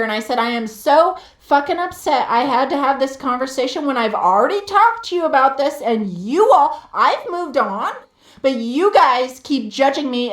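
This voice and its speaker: A woman live streamer ranting heatedly while she games, swearing and repeating herself for emphasis. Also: high-pitched. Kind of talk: venting rant while gaming live. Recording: roomy echo.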